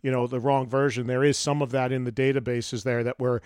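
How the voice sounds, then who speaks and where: A male podcast host interviewing a guest and reacting quickly to the answers. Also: mid-range voice, level tone, darkish tone, clean tone, no echo, studio quality. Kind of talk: interview conversation.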